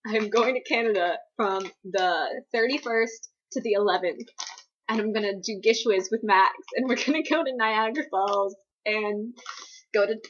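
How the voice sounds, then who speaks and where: A woman's voice: mid-range voice, moderate pace, highs cut off. A young woman from the US East Coast answering viewer questions in a casual Q&A vlog, rambling with lots of fillers and self-deprecating asides. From East Coast United States. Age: young adult.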